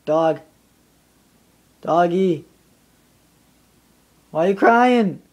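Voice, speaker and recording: A man in a casual home video, teasing his dog with repeated shouted questions and swearing. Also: sits high, lively intonation, slow pace, pauses often. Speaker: dog owner.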